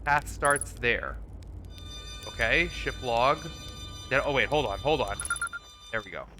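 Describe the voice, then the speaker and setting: A man hosting a blind let's play, excitably thinking aloud about his discoveries. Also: mid-range voice, slow, music in the background. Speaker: gaming channel host.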